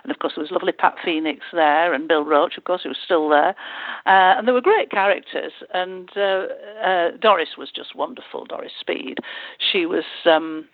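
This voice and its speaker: An older woman, a former actress, reminisces in an interview with halting, amused speech full of restarts. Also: lowish voice, no echo. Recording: tinny, dry phone-like line.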